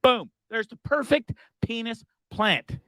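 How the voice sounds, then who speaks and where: A high-pitched man hosts a livestream with a lot of swing in his voice. He rambles through crude, animated jokes. The room sounds dry and close. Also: moderate pace, no echo. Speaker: livestream host. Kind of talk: casual comedic live chat.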